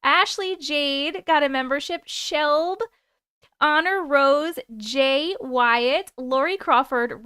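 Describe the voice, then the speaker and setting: A woman's voice: high voice, bright, forceful tone, no room sound, clean studio sound. A woman hosting a live stream, chatting casually with viewers, laughing often and swearing freely.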